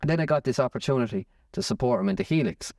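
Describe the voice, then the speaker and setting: A young Irish musician chatting in an interview, rambling with many restarts. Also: male voice, medium pitch, expressive, racing, a little mellow, no echo, clean studio sound, recorded from a distance. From Ireland. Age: young adult. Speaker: musician guest. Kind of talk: casual interview chat.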